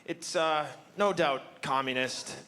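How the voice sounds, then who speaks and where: A stand-up comedian on a club stage, delivering sarcastic, mock-indignant rants into a handheld mic. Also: male voice, fairly high pitch, slow, bright, forceful tone, slight background noise. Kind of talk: stand-up set.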